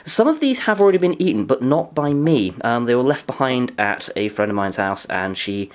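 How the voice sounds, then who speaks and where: Brief: young guy, food vlogger, lively up-and-down delivery, dry asides, mouth sometimes full. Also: medium pitch, moderate pace. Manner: dry, chatty, talks while chewing. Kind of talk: casual food review vlog.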